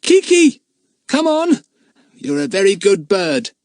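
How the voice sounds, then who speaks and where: A man doing a high, defiant young boy. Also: sing-song, moderate pace, dry recording, clean studio sound. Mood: relieved. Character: brave young boy, frightened but defiant.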